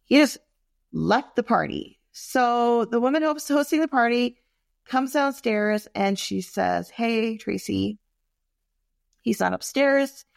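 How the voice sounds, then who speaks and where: A woman candidly telling personal stories in a frank, expressive way, full of fillers and asides. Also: a little high, slow, gravelly, no echo, clean studio sound.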